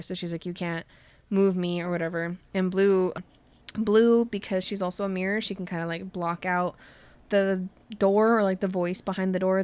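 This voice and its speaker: A woman's voice: medium pitch, clear, resonant tone, dry recording. A young woman casually retelling a novel's plot, laughing often and peppering her talk with "like". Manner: chatty, laughing, heavy use of "like", acts out characters' lines loosely. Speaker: podcast host retelling a book. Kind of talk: casual book recap chat.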